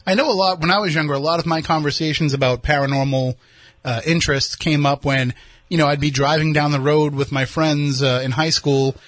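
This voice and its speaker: A man hosting a podcast and asking questions in a relaxed, casual way, with frequent fillers. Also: on the high side, fairly quick, no echo. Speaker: podcast host.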